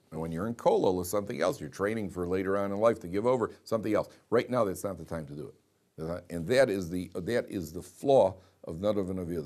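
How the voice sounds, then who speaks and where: Man teaching an animated Torah class. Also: low-pitched. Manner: animated, asks the class questions and repeats lines; reads Hebrew verses aloud slowly, then explains them.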